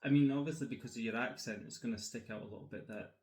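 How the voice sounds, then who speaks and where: A man's voice: mid-range voice, rapid-fire, darkish tone. A man with a Scottish accent talks in a dry, matter-of-fact manner. He drops casual swears as he explains things. The sound carries an echoey room. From Scotland. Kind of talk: casual chat.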